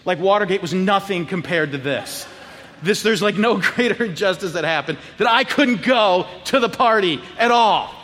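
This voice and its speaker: Middle-aged male pastor, high lively voice, animated storyteller who laughs and acts out quotes; long church reverb. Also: a little fast. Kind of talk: sermon storytelling. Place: church sanctuary.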